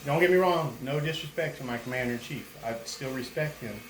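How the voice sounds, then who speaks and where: A man rambles in a folksy, opinionated way, talking to the camera while pulling out a beehive. His voice sits at a middle pitch and bounces around an echoey indoor room, with a faint hum of noise behind it. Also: brisk. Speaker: bee removal worker and vlogger. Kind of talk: casual rambling talk to camera. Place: inside a house during bee removal.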